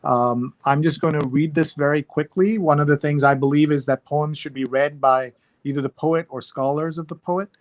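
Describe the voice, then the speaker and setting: A man's voice: fairly high pitch, steady tone, moderate pace, few pauses. A man hosting a live online readalong, chatting casually and skimming headlines aloud over a video call. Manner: conversational, skims headlines aloud with fillers. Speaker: host.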